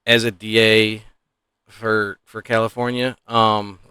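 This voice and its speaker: A man's voice: on the low side, level tone, slow pace, bright, forceful tone, clean tone, no room sound, clean studio sound. A man giving casual, opinionated political commentary, rambling and sighing often.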